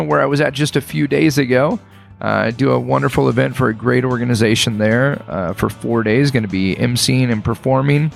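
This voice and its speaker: A man in his thirties hosting his own podcast, speaking earnestly and encouragingly with frequent restarts. His voice is deeply gravelly with heavy fry, and he sounds a little choked up. Soft guitar music sits faintly beneath him. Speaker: podcast host. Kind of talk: casual podcast monologue. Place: hotel room.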